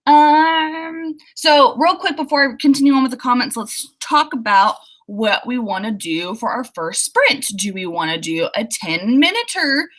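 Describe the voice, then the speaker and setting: Speaking a little slowly, this young Oklahoma woman has a high-pitched, expressive, fairly bright voice with a Southern US accent. As host of a writing livestream, she chats casually through viewer comments, bubbly and chatty, with plenty of fillers and laughter.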